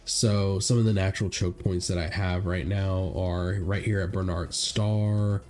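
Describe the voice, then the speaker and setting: A man's voice: deep voice, flat delivery, unhurried, darkish tone. A young man with a stuffed-up nose giving casual gameplay commentary as a streamer, rambling with lots of fillers. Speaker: game streamer.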